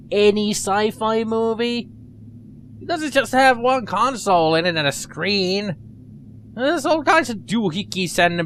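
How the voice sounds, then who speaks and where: A man's voice: sits high, fairly bright tone, slight background noise. A man giving chatty, joking let's play commentary as he plays a game. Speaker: gamer commentator.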